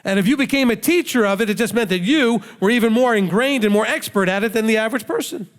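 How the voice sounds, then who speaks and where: A man's voice: high-pitched, fast talker. A male rabbi giving a conversational sermon, emphatic and full of rhetorical questions he answers himself. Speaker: rabbi teacher. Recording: long hall reverb.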